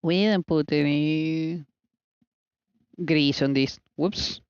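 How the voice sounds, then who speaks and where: A woman's voice: sits low, extremely slow, darkish tone, smooth, dry recording, highs cut off. A woman streamer chatting casually while she bakes, playful and teasing with exasperated asides.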